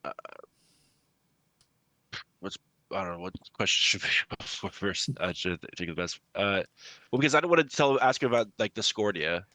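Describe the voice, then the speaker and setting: Low-voiced man with a bright edge, hesitant tabletop player, dry close sound. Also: normal speed, long pauses, dry recording. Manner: hesitant, with many restarts. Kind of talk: tabletop game play.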